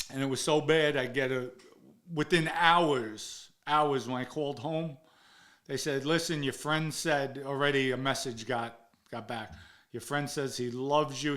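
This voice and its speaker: A man of middle pitch tells a story in the first person, blunt and full of swearing. He acts out confrontations with a rising voice, then drops low and quiet over the painful parts. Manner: vivid and blunt, swearing, reenacting heated exchanges; sinks into a low, subdued tone when recounting emotional moments. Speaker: interview guest recounting his past.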